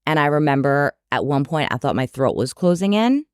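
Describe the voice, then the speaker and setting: Lively woman telling her story. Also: low voice, fairly quick, clean tone, dry recording, studio quality. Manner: lively storyteller, acts out quoted voices. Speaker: psychotherapist guest. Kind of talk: casual storytelling interview.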